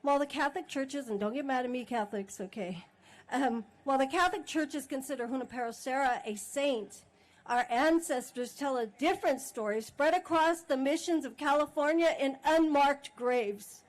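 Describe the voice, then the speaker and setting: A woman's voice: high voice, normal speed. A tribal chairwoman giving an emotional ceremony speech outdoors at a podium microphone, partly reading and partly speaking off script with candid, laughing asides. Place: outdoor monument ceremony in a park.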